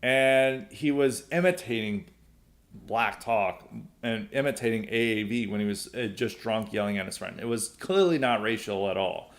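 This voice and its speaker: A man's voice: on the low side, moderate pace. Male podcast host, young adult, casual mailbag commentary, rambling delivery, frequent restarts.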